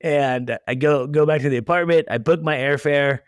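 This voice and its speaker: A man's voice: on the high side, normal speed, clean tone, no echo, studio quality. A man in his thirties hosting a podcast, telling stories in a chatty way and acting out the quotes. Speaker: podcast host. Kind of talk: casual interview chat.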